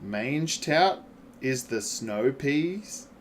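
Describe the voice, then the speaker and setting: A man streaming a game and chatting with his viewers, swearing freely, laughing often and reacting loudly to their messages. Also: mid-range voice, expressive, very slow, slight background noise. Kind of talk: casual gaming livestream chat.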